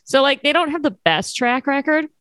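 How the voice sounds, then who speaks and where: A woman's voice: sits high, animated, moderate pace, fairly bright tone. A woman co-hosting a podcast, chatting casually and joking, with lots of fillers. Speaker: podcast co-host. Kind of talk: casual chat.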